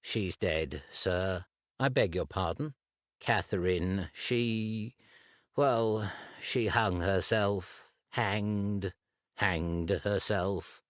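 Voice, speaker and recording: A man's voice: deep voice, fairly bright tone, no room sound, studio quality, exaggerated voice. A man voicing a timid, grief-stricken young man who halts and stammers. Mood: grieving. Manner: slow, halting, stammering.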